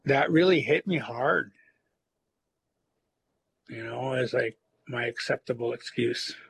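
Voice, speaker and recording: A man in recovery telling his personal story in a halting, reflective way, with many fillers and restarts. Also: medium pitch, creaky, fairly bright tone, breathy edge, poor audio. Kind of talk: personal testimony.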